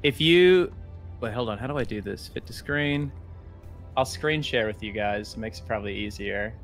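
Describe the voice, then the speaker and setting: A man's voice: fairly low pitch, normal speed, faint music behind. A man from Australia with a faint Australian accent, chatting casually on a gaming stream with many fillers. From Australia (Perth). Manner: relaxed, hesitant, many fillers.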